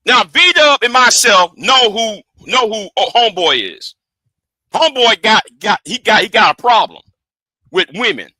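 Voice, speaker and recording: High-pitched, sharp-voiced man ranting. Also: lively intonation, measured pace, no room sound, rough recording. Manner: angry, profane, directly addressing a rival. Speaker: live streamer. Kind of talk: confrontational livestream rant. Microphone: streaming setup.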